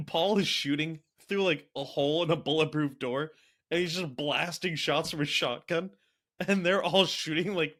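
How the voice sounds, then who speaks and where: Guy on a movie podcast, kinda high voice, keeps doing the characters' lines. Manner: animated, acts out movie lines with laughs. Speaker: podcast co-host. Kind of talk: casual movie review chat.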